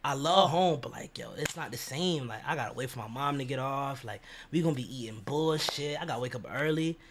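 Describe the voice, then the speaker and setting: A young man telling a personal story as a vlogger, animated, slangy and profane, acting out the people he quotes. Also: medium pitch, brisk, a little hiss or hum.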